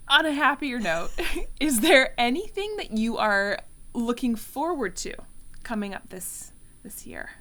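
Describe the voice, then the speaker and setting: A Canadian woman hosting a podcast interview, agreeable and quick to laugh. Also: on the high side, expressive, fairly bright tone. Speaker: podcast host. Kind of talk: casual interview chat.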